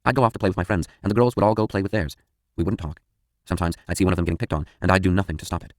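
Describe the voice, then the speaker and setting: A man reading a first-person audiobook in a brisk, matter-of-fact way. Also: sits low, fairly even intonation, dry recording, clean studio sound. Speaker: audiobook narrator.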